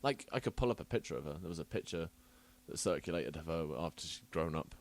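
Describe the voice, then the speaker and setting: Sweary young man, ranting, lively pitch. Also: quick pace. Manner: sweary, ranting, laughs often. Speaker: podcast host. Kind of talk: casual chat.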